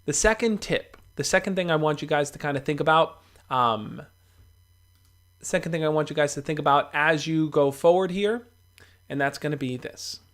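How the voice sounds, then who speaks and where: A young man hosts a casual livestream and speaks right to his viewers in an easygoing, encouraging way. His voice sits a little high for a man. He talks loosely, with fillers and restarts. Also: moderate pace, a bit bright. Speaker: livestream host giving dating advice. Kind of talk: casual livestream advice talk.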